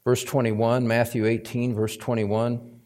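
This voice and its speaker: A man's voice: mid-range voice, flat delivery, a little slow, a little mellow. A male pastor preaching a sermon, emphatic, climbing to stressed points and repeating words for weight. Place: church sanctuary.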